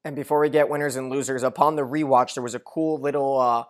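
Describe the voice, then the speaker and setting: A man's voice: medium pitch, steady tone, quick pace. Male recap podcaster, casual chat, thorough plot summaries, hesitant fillers. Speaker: podcast co-host.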